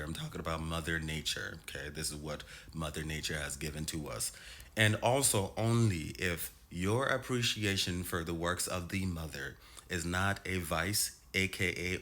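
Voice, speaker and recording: A very deep-voiced Nigerian American man talks straight to his viewers in a loose, slangy monologue. His tone is bright and forceful, and he drawls certain words out for emphasis. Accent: Nigerian American, switching between Nigerian and American. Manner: expressive, slangy, laughs often, drawls for emphasis. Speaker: vlogger. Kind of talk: casual monologue to camera.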